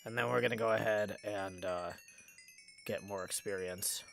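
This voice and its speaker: A man's voice: lowish voice, steady tone, moderate pace, creaky, music in the background. A tired man running a live game stream, reading chat messages aloud and bantering with viewers at a desk microphone. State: tired, low on energy.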